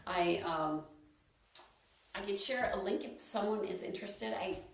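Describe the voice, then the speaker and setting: A woman's voice: medium pitch, a little slow, heavy reverb, far from the mic. Chatty woman leading a wellness class. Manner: rambling, chatty, many ums and restarts. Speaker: movement and wellness class leader. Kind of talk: casual online class talk with singing.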